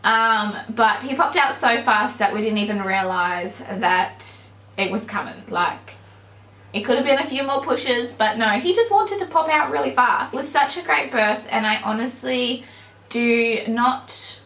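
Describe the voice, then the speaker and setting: A woman's voice: on the high side, expressive, measured pace, a bit bright. A young woman vlogger telling a personal story to camera in a chatty way, with many ums and likes. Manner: chatty, many "um"s and "like"s, bursts of laughter. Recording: echoey room.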